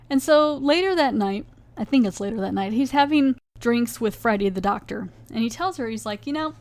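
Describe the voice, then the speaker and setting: A woman podcast host chats through an episode recap, slipping into quick little voices for the characters. Her voice sits a bit high. The sound is dry and close, with no room around it. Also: a little mellow, no echo. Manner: chatty, acts out lines in quick voices.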